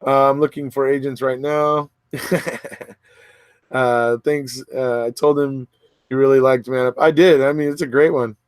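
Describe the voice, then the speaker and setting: In a dry recording, a man with a smooth, mid-range voice talks at a measured pace with fairly even intonation. He's running a casual livestream, reading viewers' comments out loud and answering them chattily, frequently restarting and using fillers.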